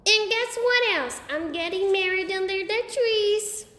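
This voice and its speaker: A woman's voice: very high-pitched, lively intonation, slow, fairly bright tone, voice pushed up, heavily acted. A woman voicing a mischievous little boy who teases and chants. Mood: cheeky. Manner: chanting, teasing. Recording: roomy with long reverb.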